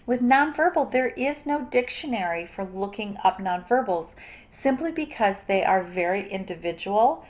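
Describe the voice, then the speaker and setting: A woman's voice: medium pitch, expressive, moderate pace. A middle-aged woman gives a recorded lecture on communication. She speaks informally to her students and often stops to restart a phrase or add a filler. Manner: conversational, many fillers and restarts. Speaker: communication instructor.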